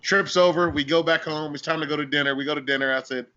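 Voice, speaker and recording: A man co-hosting a casual podcast, telling stories in an animated way, laughing and swearing freely. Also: on the high side, fast. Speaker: podcast co-host. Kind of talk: casual chat and storytelling. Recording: dull lo-fi audio.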